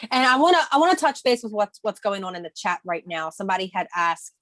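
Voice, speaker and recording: A woman's voice: medium pitch, very animated, fast talker, fairly bright tone, dry recording. A woman in her thirties co-hosting a morning video call, speaking candidly and emotionally with emphatic bursts and restarts. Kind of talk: casual motivational chat.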